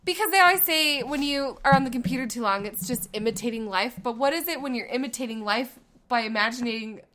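Brief: woman, 30s, podcast co-host, high bright voice, animated storyteller. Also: brisk, a little hiss or hum. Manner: animated storytelling, laughing often. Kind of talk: casual chat.

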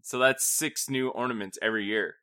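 A man's voice: mid-range voice, fairly quick, sharp tone. A man in his thirties co-hosting a family vlog, easygoing and chuckling along with his partner. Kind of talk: casual chat.

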